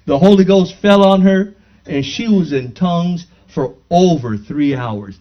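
A man's voice: high voice, very animated, measured pace. A man preaching, telling a personal story to his congregation and acting out the dialogue, then building to fervent praise. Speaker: pastor. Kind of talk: sermon testimony. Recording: dull lo-fi recording.

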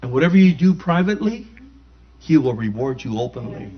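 A man's voice: mid-range voice, sing-song, a little fast. A man preaching a sermon with emphatic call-and-response. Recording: dull lo-fi recording.

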